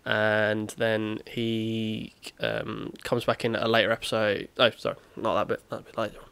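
A man co-hosting a podcast, retelling a TV episode in casual chat with rambling filler pauses. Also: fairly low pitch, monotone, gravelly, fairly bright tone, clean tone, no room sound. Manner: rambling recap with filler pauses and brief character voices. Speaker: podcast co-host.

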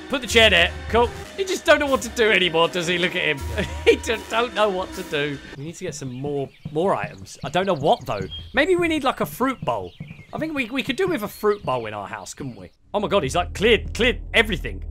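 A young man giving excitable let's play commentary, muttering one moment and shouting or laughing the next. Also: high-pitched. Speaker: gaming YouTuber.

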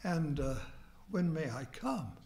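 Eager, polite young visitor, a bit shaky, as an older male lecturer puts him on, slow delivery. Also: on the high side, sing-song, darkish tone, a little hiss or hum, full character voice.

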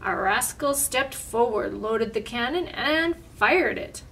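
A woman reading a picture book aloud in a lively, expressive way, adding little asides. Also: fairly high pitch, takes it slowly, creaky. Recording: distant mic, faint room noise.

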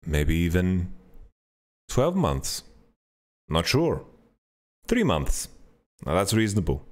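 This podcast host rambles slowly through a story, animated and swearing freely. He acts out his own thoughts, mimicking himself with jumps in pitch.

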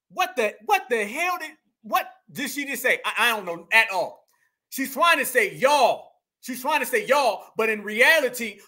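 A man's voice: very high-pitched, pushed and bright. A man doing heated reaction commentary, mocking the clip he plays and repeating his phrases for emphasis. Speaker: online political commentator.

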